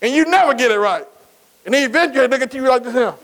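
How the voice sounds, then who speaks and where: A man's voice: extremely high pitch, racing, fairly bright tone, poor audio. A middle-aged man preaching a sermon, asking his congregation questions and repeating phrases in a call-and-response cadence.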